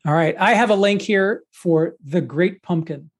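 Playful high-voiced man gloating at a game. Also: unhurried, husky. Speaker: podcast co-host. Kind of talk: casual game banter.

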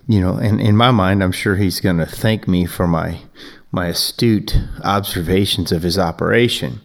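A man's voice: low voice, steady tone, moderate pace, vocal fry. A man who owns a business and hosts a podcast, telling a casual, rambling story full of "you know" and restarts. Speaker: business owner hosting a podcast.

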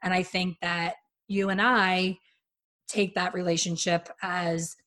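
Middle-aged woman, former stylist, animated podcast storyteller with a low-pitched voice. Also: takes it slowly. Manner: chatty, animated storyteller who acts out quotes. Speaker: guest, former hairstylist. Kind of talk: casual podcast chat.

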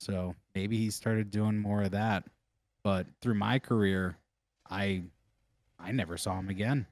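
A man co-hosting a podcast, telling animated, profane stories in casual chat. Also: lowish voice, unhurried, no room sound, clean studio sound. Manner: animated, swears a lot. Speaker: podcast co-host.

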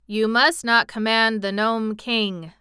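A woman voicing a calm, formal clockwork machine man who speaks slowly and precisely. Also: fairly high pitch, smooth, no echo, clean studio sound. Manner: slow, deliberate, precise.

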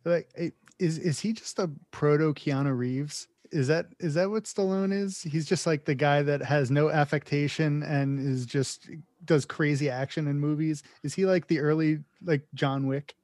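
Higher-voiced man, dry close sound. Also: steady tone, moderate pace, hardly any pauses, darkish tone, no echo. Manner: incredulous, joking, quotes scenes. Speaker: podcast co-host. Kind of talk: casual movie discussion.

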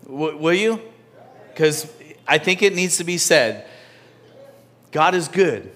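A man preaching a sermon in a church, talking to the congregation in a conversational way that swings from loud and emphatic to soft, almost whispered. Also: fairly high pitch, expressive, slow pace. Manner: conversational, with restarts and asides to the congregation. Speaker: pastor.

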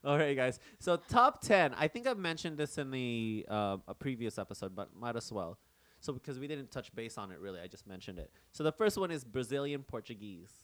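A young man hosting a casual podcast chat, playful and quick to laugh as he reads out a ranked list. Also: medium pitch, lively intonation, a bit bright. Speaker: podcast host.

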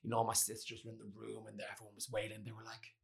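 A man hosting a conversation, gentle and reflective. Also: fairly low pitch, rapid-fire, gravelly. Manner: gentle, turns animated when storytelling. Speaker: host. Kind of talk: podcast conversation.

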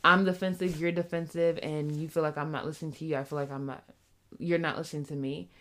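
A woman's voice: deep voice, fast talker. A woman talking casually about her relationship with her partner, often acting out what he says. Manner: animated, acts out her partner's voice. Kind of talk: casual couples chat.

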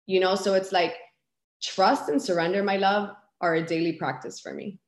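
A woman's voice: mid-range voice, fairly even intonation, normal speed. A woman guest sharing candidly in conversation, raw and intense, swearing often as she talks about spirituality. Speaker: podcast guest. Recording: roomy echo.

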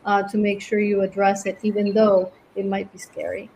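A middle-aged woman from Venezuela, a guest speaking in an interview in a reflective, gentle way. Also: medium pitch, completely flat delivery, normal speed, slight background noise, rough recording. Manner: reflective, gentle, laughs often. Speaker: guest, cancer survivor and author. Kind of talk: interview conversation.

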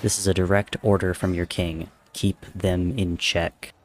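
A man voicing a weary young king who speaks quietly and grimly. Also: steady tone, a little fast, natural voice. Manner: quiet, low, subdued. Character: weary young male king, grim and tense.

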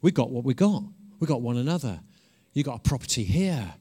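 A man's voice: medium pitch, sing-song, fairly quick, dark tone, husky. A man preaching a conversational sermon. He is informal and earnest, restarts often, and swells into emphatic bursts.

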